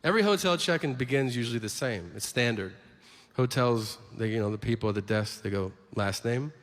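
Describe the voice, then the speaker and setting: A man performing a stand-up comedy set, telling stories in a brash, profane, animated way, recorded in an echoey live hall with noise behind. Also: medium pitch, a little fast.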